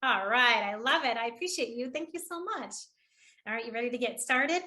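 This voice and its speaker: Woman, public speaking trainer, high bright voice, upbeat, encouraging, laughs a lot, video call. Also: expressive, brisk. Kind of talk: live online workshop.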